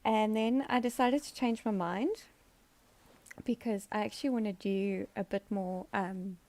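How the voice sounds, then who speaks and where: Gravelly woman streamer. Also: mid-range voice, measured pace, warm tone. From South Africa. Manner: chatty, laughing, rambling with fillers. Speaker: livestream host. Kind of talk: casual livestream chat.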